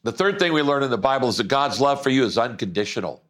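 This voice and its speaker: In a church, a male pastor preaches a sermon with a lively rise and fall in pitch. He slows to stress key words and lets his voice sink low at the ends of phrases.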